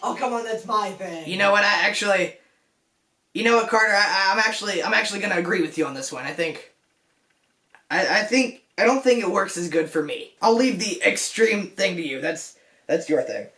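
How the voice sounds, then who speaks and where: A man's voice: sits high, lively intonation, brisk, pushed and bright. A young man hosting a comedic film commentary vlog in a detective persona, rambling and self-mocking, with joking asides and frequent restarts. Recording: echoey room.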